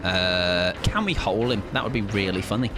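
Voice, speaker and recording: A man's voice: low-pitched, moderate pace, over music. A young man streaming a game live, chatting in a joking, self-mocking, rambling way.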